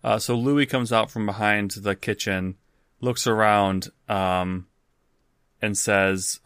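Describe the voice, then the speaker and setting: A man's voice: on the low side, steady tone, slow, a bit bright, clean tone, dry recording, clean studio sound. A man narrating as game master in a loose, casual way, with swearing and restarts.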